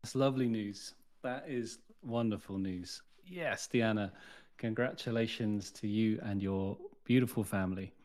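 A man hosts a live community talk in a rather low voice. He sounds upbeat and encouraging as he cheers people on and keeps things moving. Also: unhurried, a little mellow. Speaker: host of an online community session.

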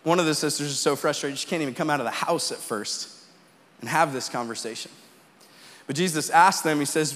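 A man's voice: on the high side, brisk, fairly bright tone. A man preaching a conversational sermon as a pastor, often tagging "right?" and climbing into fervent pleas. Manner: conversational preaching, tag questions, rising to fervent quoted pleas. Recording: long hall reverb.

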